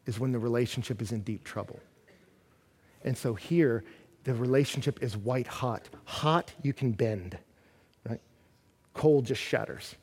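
A man preaching a sermon, earnest and building from quiet passages to loud, intense ones. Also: mid-range voice, unhurried, husky. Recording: long reverb of a large hall.

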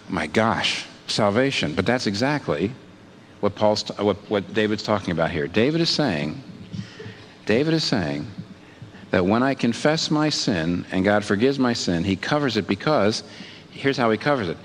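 Man, preacher, sermon, animated, rhetorical questions, very lively intonation, long hall reverb. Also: moderate pace, slight background noise. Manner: animated, rhetorical questions, pitch leaps for emphasis.

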